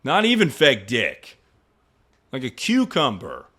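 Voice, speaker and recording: A young male streamer telling a story to his chat in casual talk, swearing freely and sounding incredulous. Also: slow pace. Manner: animated, incredulous, swears freely, jumps to high pitch when mocking.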